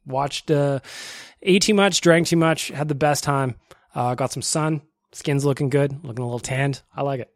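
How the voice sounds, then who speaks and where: A man's voice: mid-range voice, moderate pace, dry recording, studio quality. A young male podcast host chatting casually and enthusiastically, with self-deprecating humor.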